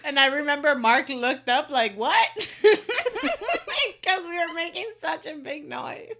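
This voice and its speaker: A woman's voice: sits high, unhurried, raised voice, heavy background noise. A woman co-hosting a casual podcast, enthusiastic and slangy, laughing often as she remembers a concert. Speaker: podcast co-host. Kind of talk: casual chat.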